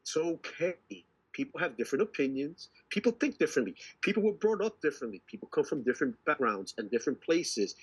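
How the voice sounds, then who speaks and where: Husky man reasoning on a podcast. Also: mid-range voice, quick pace, hardly any pauses. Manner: earnest, reasoning calmly, repeats short phrases. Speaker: podcast co-host. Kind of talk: casual chat.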